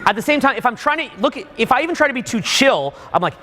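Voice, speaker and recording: Guy with a high voice giving a seminar, echo trailing off in a big hall, gets animated and acts stuff out. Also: fast. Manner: animated, acts out examples with sudden loud outbursts. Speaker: dating coach. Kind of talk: seminar lecture to a live audience. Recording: long hall reverb.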